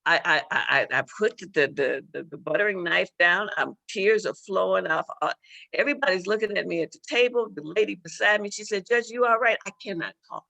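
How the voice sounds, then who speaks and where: A middle-aged woman tells a personal story as a guest on a talk show, and her voice has a gravelly, bright edge. She repeats words and restarts as she talks. The sound is dry and close. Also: on the low side, brisk, dry recording. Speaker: judge and author, guest.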